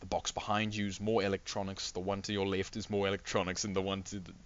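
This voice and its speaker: A man's voice: low-pitched, level tone, fast talker, a little hiss or hum. Rambling lo-fi game master man. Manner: rambling, self-correcting descriptions. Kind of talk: narrating a tabletop game.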